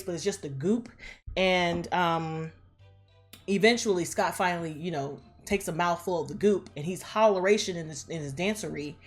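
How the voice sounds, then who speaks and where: A woman casually retelling a movie plot in a slangy, profane, animated way, acting out the characters as she goes. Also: lowish voice. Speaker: movie recap vlogger.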